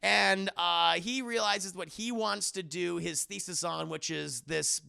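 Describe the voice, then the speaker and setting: A man's voice: high-pitched, measured pace, gravelly, sharp tone, clear, resonant tone, dry recording, clean studio sound. A young man recapping a movie plot to his live chat in a rambling, profane way, acting out the characters with yelps and shrieks. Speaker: movie reviewer streaming live.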